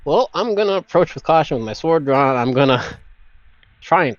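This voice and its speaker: A man plays a tabletop role-playing game and talks nervously and hesitantly, often breaking into giggles. His voice sits fairly high and swings widely in pitch. The recording is dry and a bit dull. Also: animated, normal speed, dry recording. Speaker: player. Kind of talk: casual tabletop game play.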